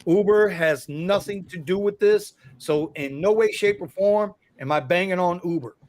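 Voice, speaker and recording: High-voiced man hosting a livestream. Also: moderate pace, a little mellow, no room sound. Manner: chatty, storytelling, slangy. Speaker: livestream host. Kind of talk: casual livestream chat.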